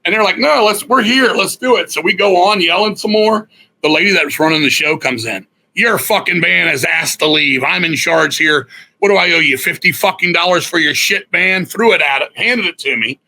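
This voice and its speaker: Husky, forceful middle-aged man. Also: sits high, fairly quick, poor audio. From Virginia, USA. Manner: profane, animated storyteller acting out other people's lines. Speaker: guest musician. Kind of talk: casual storytelling interview.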